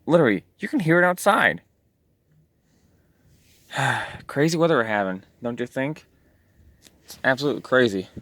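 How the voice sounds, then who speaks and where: A man's voice: medium pitch, expressive, moderate pace, pauses often, fairly bright tone, no room sound, natural voice. A man voicing a jittery male robot clown who is frightened of storms, sighing and whining as he talks. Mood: fretful. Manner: sighing, whiny, easily frightened.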